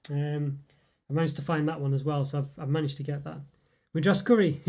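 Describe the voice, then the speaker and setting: A man's voice: fairly high pitch, steady tone, normal speed, a little mellow. A man hosting a casual livestream, rambling with many fillers and chuckles as he answers viewer comments. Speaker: livestream host reviewing snacks. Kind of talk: casual live chat reading viewer comments.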